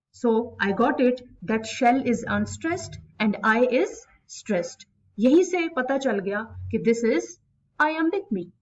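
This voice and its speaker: A woman teaches a class at a deliberate, slow pace, repeating each point as she goes. Her voice sits a little high. The recording comes from a distance in the classroom and sounds dull and muffled. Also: darkish tone. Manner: slow, repetitive, explaining step by step. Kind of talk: classroom lecture.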